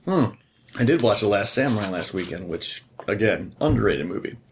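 A man hosting a casual podcast chat, telling stories in an animated way and swearing often. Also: lowish voice, a little fast, slight background noise. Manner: animated storytelling with frequent swearing. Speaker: podcast host.

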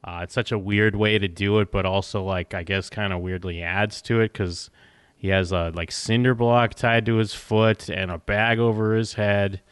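Male podcast co-host: low, smooth voice, loose rambling delivery. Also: fairly even intonation, normal speed, no room sound. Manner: rambling, many restarts and fillers, swears casually. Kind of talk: casual TV recap chat.

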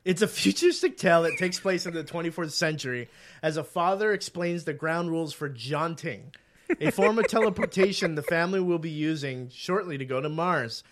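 A man's voice: on the high side, brisk. A man co-hosting a podcast, ranting in casual chat with heavy profanity. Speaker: podcast co-host.

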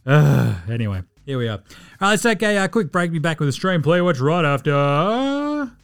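An Australian man rants his way through a casual sports podcast. His voice sits fairly high for a man, and he swears freely and laughs often. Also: big pitch swings, moderate pace, creaky, clear, resonant tone. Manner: profane, ranting, laughs often. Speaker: podcast host.

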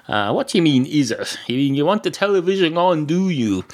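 A man's voice: a little high, big pitch swings, brisk, voice pushed up. Male talking dog, polite, earnest, rambling with fillers; a man voices him in a comic bit. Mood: puzzled. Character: chatty male dog in a bar, fussy and over-explaining.

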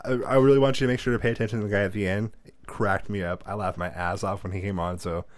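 A man's voice: fairly low pitch, quick pace, no room sound. Male co-host, 30s, swearing storyteller, dry sound. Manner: profane, animated storyteller who shouts when reenacting. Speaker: podcast co-host. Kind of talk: casual chat.

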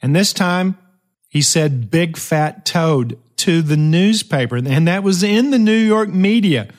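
A man hosting a motivational podcast, telling a story emphatically with dramatic pauses and shifting pace. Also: high voice, expressive. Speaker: podcast host.

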